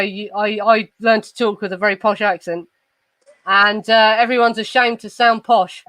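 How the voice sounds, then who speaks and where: A woman's voice: medium pitch, a bit bright, no room sound, low-quality recording. A woman from southern England with an Estuary English accent, chatting casually as a podcast host, swearing freely and tripping over restarts. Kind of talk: casual chat.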